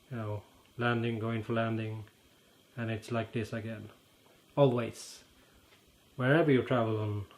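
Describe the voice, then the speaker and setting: Norwegian-accented man, host, slow and halting delivery, fills pauses with "uh" and "um", mid-pitched voice. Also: a little mellow. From Norway. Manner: halting, searches for words, many fillers. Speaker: channel host. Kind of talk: casual explanatory monologue. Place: in front of a green screen.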